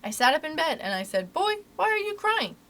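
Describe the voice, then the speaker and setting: A woman reading aloud, voicing a gentle, wistful grown-up mother in a storybook. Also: sits high, big pitch swings, brisk, slight background noise, pitched above the performer's own voice, exaggerated voice. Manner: soft, wistful, tender.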